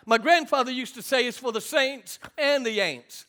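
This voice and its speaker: A man's voice: very high-pitched, normal speed, pushed and bright. A middle-aged man preaching a sermon, telling stories and calling for amens from the congregation. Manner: call-and-response preaching, storytelling. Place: church sanctuary.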